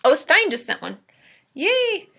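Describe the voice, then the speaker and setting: A woman's voice: a little high, lively intonation, fairly quick, bright, forceful tone. A woman therapist hosting a casual live Q&A stream, chatty and giggly as she reads viewer comments aloud.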